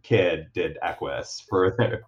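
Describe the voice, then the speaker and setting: A young man telling a story in a casual chat, animated and self-deprecating, with lots of fillers and restarts. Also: deep voice, slow pace. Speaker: guest. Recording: dull lo-fi sound.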